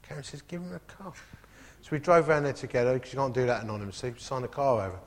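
A man's voice: mid-range voice, quick pace. A man preaching in a storytelling sermon style, full of comic asides. His voice carries a long reverb, as though recorded in a large hall. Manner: animated anecdotal, comic asides. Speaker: pastor. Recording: echoey hall.

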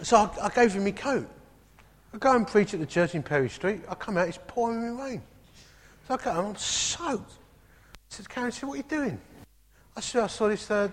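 A man, a pastor telling stories from the pulpit with comic asides and lively storytelling. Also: high voice, a little hiss or hum. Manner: animated anecdotal, comic asides. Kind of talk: storytelling sermon. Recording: echoey hall.

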